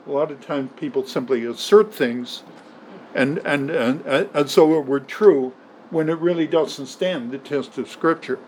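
A man delivers a sermon in a teaching manner, stressing points by repeating key words. His voice sits a bit high for a man. A faint room ambience runs under the recording. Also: darkish tone, a little hiss or hum, poor audio. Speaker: pastor.

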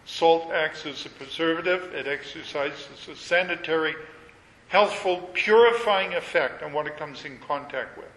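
A man preaching a sermon, measured and emphatic, leaning on repetition. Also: on the high side, a bit bright. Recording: echoey hall with long reverb.

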